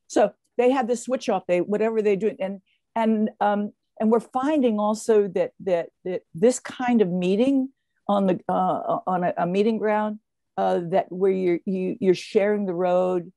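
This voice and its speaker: An older woman, a guest in an interview, telling stories in a lively way with many fillers and restarts. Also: medium pitch, unhurried, dry recording. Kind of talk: casual interview storytelling.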